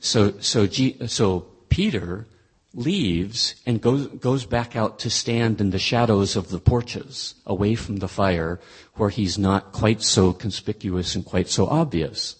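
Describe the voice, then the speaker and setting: Low, husky-voiced man teaching scripture. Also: slow pace. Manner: thoughtful, conversational, with frequent restarts. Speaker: Bible teacher. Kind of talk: explaining a scripture passage.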